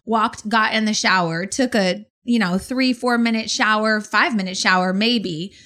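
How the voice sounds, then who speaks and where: A woman co-hosting a casual chat, retelling a story in an animated, emphatic way with blunt swearing. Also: mid-range voice, a little slow. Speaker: podcast co-host.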